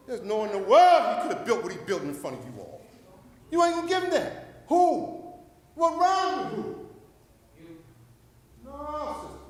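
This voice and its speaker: A man from Paterson, New Jersey, giving an impassioned, preacher-like public comment at a city council meeting, rambling and fervent, with loudness that swells and drops. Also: sits high. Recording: echoey council chamber with long reverb.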